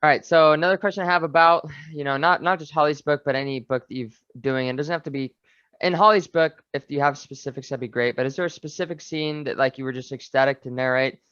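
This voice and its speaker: A man's voice: a little high, fairly even intonation, a bit bright, smooth, no echo. A man co-hosting a podcast, eagerly asking his guest questions in casual chat. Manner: enthusiastic, quick to agree. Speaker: podcast co-host. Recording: dull lo-fi podcast audio.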